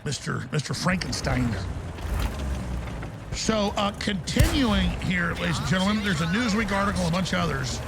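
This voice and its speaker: Male talk radio host, gravelly and high-pitched, bombastic ranting delivery, music under the voice. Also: very noisy.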